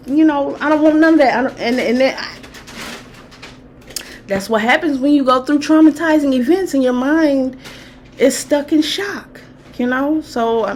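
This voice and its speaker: A woman with her own spiritual channel tells a personal story in a chatty, casual way, laughing often and quoting reactions vividly. Her voice sits high with a darkish tone, and there's slight background noise.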